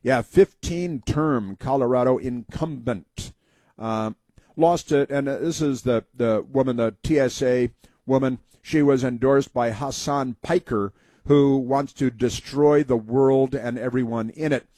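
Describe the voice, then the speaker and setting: A man's voice: medium pitch, a little slow, warm tone, no echo. A man hosting a talk show, telling rambling folksy stories and giving opinionated commentary.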